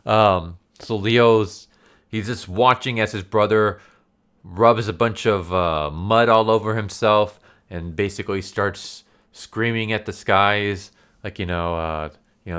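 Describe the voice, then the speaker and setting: Low smooth-voiced man recapping casually. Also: slow pace, a bit bright. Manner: rambling, heavy on fillers, laughs often. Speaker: comic book review YouTuber.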